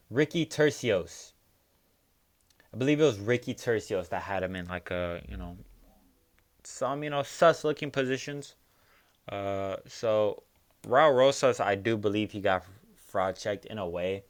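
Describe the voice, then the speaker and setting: A man's voice: on the low side, moderate pace. A young man hosting a casual solo fight recap, talking in profane, heated rants full of fillers. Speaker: MMA recap host.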